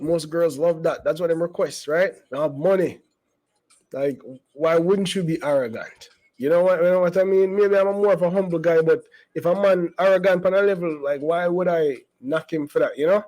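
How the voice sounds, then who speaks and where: A man's voice: fairly high pitch, darkish tone, rough recording. A man giving casual, rambling commentary as a channel host, emphatic and full of asides and restarts.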